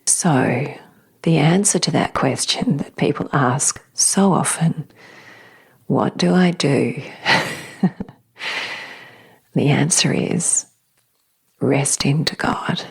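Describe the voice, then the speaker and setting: A woman hosting a spiritual podcast, speaking softly and slowly in a whispery, reflective way. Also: sits low, gravelly, husky. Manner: soft, slow, often whispery and emotional. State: tearful at times. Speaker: podcast host.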